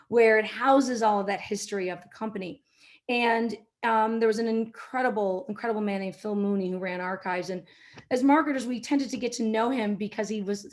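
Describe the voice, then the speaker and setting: A middle-aged woman, a marketing executive, giving a business talk and telling an anecdote, now and then acting out quotes in a softer voice. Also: medium pitch. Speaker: keynote speaker, marketing executive.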